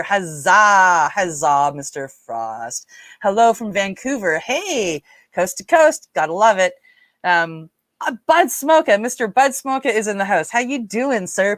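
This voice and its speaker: A woman with a Newfoundland accent and a lowish voice hosts a casual livestream, chatting with viewers and reading their comments aloud with plenty of fillers. There's no room sound.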